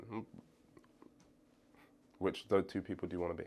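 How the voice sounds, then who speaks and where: A young man giving an energetic sales-training lesson, acting out what prospects say and laughing often. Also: sits low, normal speed, slight background noise. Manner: animated, acts out prospect replies, laughs often. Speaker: sales coach.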